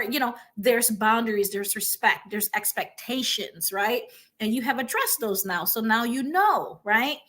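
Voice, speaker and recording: A woman's voice: on the high side, a little slow, a bit bright. A woman hosting a motivational talk, emphatic and repetitive, often checking in with "right?". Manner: emphatic, repeats points with frequent "right?". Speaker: host.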